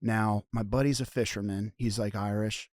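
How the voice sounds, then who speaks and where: A young man hosting a podcast, telling stories in a profane, animated way. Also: fairly low pitch, normal speed, dry recording, studio quality. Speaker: podcast host. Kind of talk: casual podcast chat.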